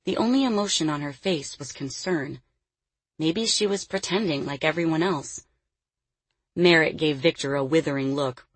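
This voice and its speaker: A woman reads a novel aloud, her voice low in pitch with a husky grain. She narrates in a measured, expressive way. The recording is close and dry with no room sound. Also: dry recording. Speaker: audiobook narrator. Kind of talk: scripted narration.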